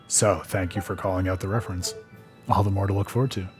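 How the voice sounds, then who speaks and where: A man with a lowish voice talks through a game stream, chatty and analytical and full of fillers. Faint music plays behind him. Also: fairly even intonation, quick pace. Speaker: streamer and host. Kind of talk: casual stream commentary.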